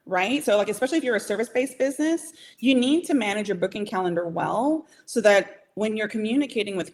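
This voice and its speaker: A woman giving a live training to small business owners, talking directly and emphatically, and checking in often with "okay?" and "right?". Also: on the high side. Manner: emphatic, coaching, keeps asking "okay?" and "right?"; direct and motivational, speeds up and slows down.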